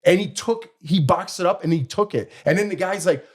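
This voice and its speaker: Middle-aged man, podcast co-host, lively storyteller, slightly high voice, acts out quotes. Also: fairly quick, slightly rough. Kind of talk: casual storytelling chat.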